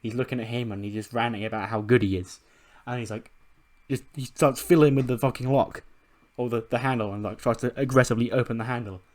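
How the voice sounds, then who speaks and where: A man's voice: medium pitch, steady tone, fast talker, darkish tone. A man casually narrating and commenting on his game run, swearing freely and laughing along. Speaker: gaming video host.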